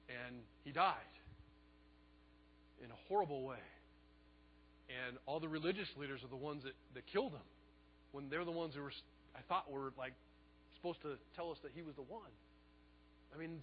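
A man preaching a sermon, telling the story in a lively way and acting out the quotes. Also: on the high side, normal speed, pauses often, long reverb tail, muffled recording, a little hiss or hum. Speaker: pastor.

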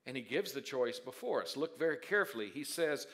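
A male pastor preaching a sermon, dropping to quiet asides and then rising to loud, drawn-out emphatic declarations. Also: mid-range voice, sing-song. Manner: stretches key words slowly for emphasis.

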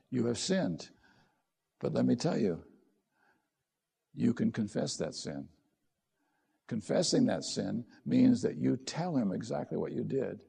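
A man's voice: mid-range voice, creaky, warm tone, husky. A middle-aged man preaching a sermon as a pastor, conversational and direct, posing questions to his listeners.

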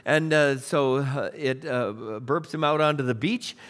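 A middle-aged man preaching a sermon, retelling scripture stories with animated storytelling and acted-out voices. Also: medium pitch, measured pace. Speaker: pastor.

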